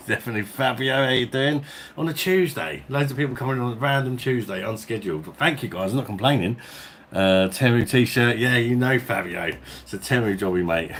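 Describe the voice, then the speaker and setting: A man's voice: lowish voice, fairly bright tone, slight background noise. A man from England, chatting casually on a live stream, reading out viewer names and calling everyone mate. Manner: chatty, reads out viewer names and greets them; blokey slang, calls everyone mate. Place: at home, indoors.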